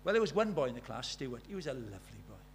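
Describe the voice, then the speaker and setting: A man with a South Welsh accent preaching a sermon, earnest, moving from loud emphasis to hushed storytelling. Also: medium pitch, sing-song, fast, a little hiss or hum. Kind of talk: sermon with personal stories.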